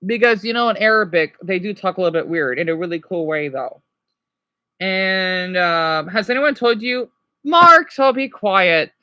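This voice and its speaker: A man's voice: high-pitched, moderate pace, bright, forceful tone, clear, resonant tone, dry recording. A man casually teaching French words on a livestream, rambling and correcting himself while answering chat.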